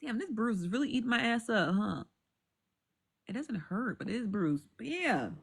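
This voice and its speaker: A woman's voice: a little high, big pitch swings, moderate pace, gravelly, husky. A woman chatting casually on a live stream, swearing freely, repeating herself and often breaking into laughter. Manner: profane, repetitive, laughs often.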